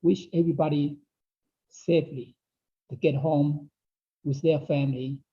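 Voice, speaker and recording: Dark-voiced man teaching a Dao class. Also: fairly high pitch, steady tone, measured pace. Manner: repeats phrases, asks "okay?" often; non-native English phrasing. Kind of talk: online Dao study class talk. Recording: dull lo-fi online class audio.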